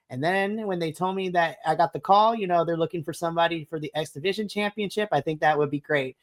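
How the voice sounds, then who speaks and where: A woman co-hosting a casual wrestling review podcast, excitable and gushing, acting out her own reactions. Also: lowish voice, fast, few pauses. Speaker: podcast co-host. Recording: online podcast conversation.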